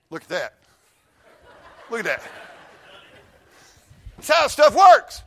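Guy preaching hard, high voice jumping all over, bright and sharp, goes from mumbling to yelling. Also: huge pitch swings, drawn-out words, creaky, pauses often. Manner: folksy storytelling, swings from mutters to shouts. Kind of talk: fiery sermon.

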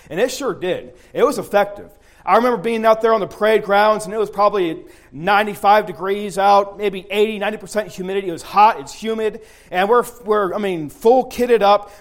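A man preaching a sermon, telling an army story in a folksy way, often repeating and restarting his phrases. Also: high-pitched.

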